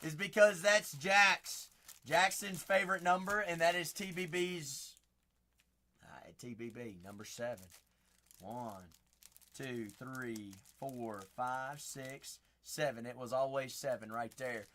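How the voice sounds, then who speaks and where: A man hosting a live card break, excitable and joking, breaking into sudden shouts, tired after a long stream. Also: mid-range voice, takes it slowly. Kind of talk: live-stream commentary while opening packs.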